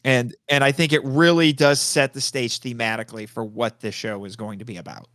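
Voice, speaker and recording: A man talking as a podcast guest in casual chat, excitable, laughing often and changing his mind mid-thought. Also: mid-range voice, brisk, no echo, studio quality.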